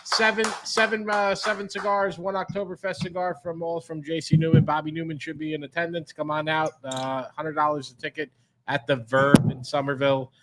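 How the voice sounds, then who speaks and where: A man reading out upcoming event details on a podcast, halting with frequent ums. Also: on the high side, level tone, slight background noise, poor audio.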